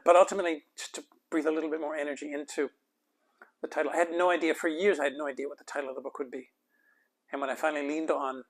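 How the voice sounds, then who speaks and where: Male host, slightly higher voice, heartfelt reflective storytelling, drifts into soft near-whispers. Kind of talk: personal storytelling monologue.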